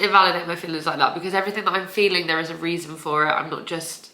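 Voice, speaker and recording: A young woman speaks to her camera at home, her voice bright and forward. She rambles in a confessional vlog, breaking into nervous laughs and the odd swear. The room around her sounds echoey. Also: lowish voice, fast, hardly any pauses. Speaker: vlogger. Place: home, indoors.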